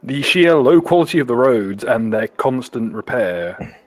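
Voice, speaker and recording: A man's voice: mid-range voice, animated, a little slow, no echo. A man narrating a tabletop game as game master, laughing and swearing as he stumbles over words.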